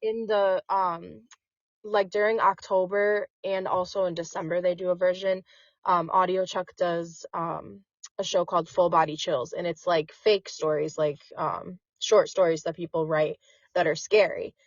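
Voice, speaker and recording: A woman's voice: on the low side, steady tone, measured pace, no room sound. A woman co-hosting a podcast in casual chat, talking freely and leaning on "like" fillers. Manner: chatty, heavy on "like" fillers. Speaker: podcast co-host. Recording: dry muffled lo-fi recording.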